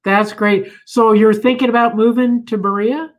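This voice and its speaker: A woman's voice: a little high, fairly even intonation, moderate pace. Woman interviewer, supportive, affirming backchannels. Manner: warm encouraging backchannels.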